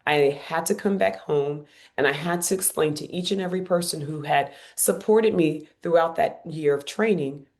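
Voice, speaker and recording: Low-voiced woman telling her story emphatically. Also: moderate pace, hardly any pauses. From Cincinnati, United States. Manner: lively, emphatic retelling with repeated phrases. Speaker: guest, former Olympic runner. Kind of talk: podcast interview storytelling.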